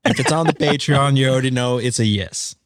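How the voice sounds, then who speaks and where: A man's voice: mid-range voice, a little fast, no echo, studio quality. A man co-hosting a casual podcast who cuts in with short wisecracks. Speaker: podcast co-host.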